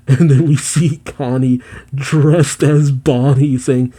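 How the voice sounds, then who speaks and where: A man's voice: medium pitch, steady tone, takes it slowly, dark tone, husky. A man hosting a manga reaction, reading the scenes aloud and breaking in with exclamations and laughs. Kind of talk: casual commentary and reading aloud.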